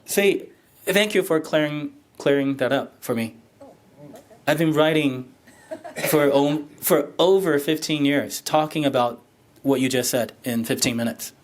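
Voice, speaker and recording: This is a man with a slightly raised voice, running a teachers' workshop. He explains with animation and switches between Mandarin and English. His speech comes across cleanly and clearly. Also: a little high, a little slow, a little hiss or hum. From Taiwan. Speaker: workshop presenter. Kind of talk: bilingual lecture and discussion.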